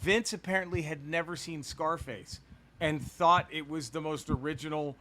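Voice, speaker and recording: Male comedian podcast host, bright and forceful tone, pitched a little high, lively and excitable. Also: moderate pace. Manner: animated, excitable, laughs often. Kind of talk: casual podcast chat.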